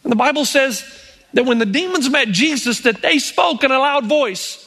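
A man's voice: very high voice, animated, normal speed, pushed and bright. A male pastor preaching a sermon, telling stories with acted-out quotes and wry humor.

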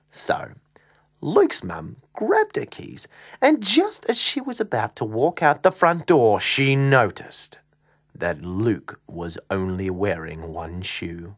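A woman telling a children's story in a slow, playful, very expressive way. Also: a bass voice, slightly rough, no room sound, studio quality.

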